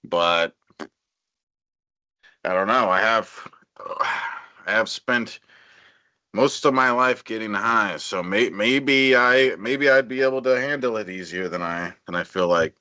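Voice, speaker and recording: A man's voice: lowish voice, slow pace, long pauses, bright, forceful tone, no echo. A man rambling on a livestream, drowsy and meandering, trailing off while drinking beer. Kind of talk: rambling stream chat.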